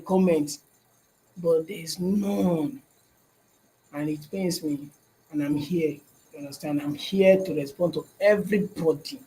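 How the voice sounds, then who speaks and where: A Nigerian man hosts a casual livestream from his shop. His voice sits high for a man. He talks in loops, repeating lines and checking in with "you understand?". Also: rough recording. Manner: repeats phrases, keeps asking "you understand?". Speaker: livestream host.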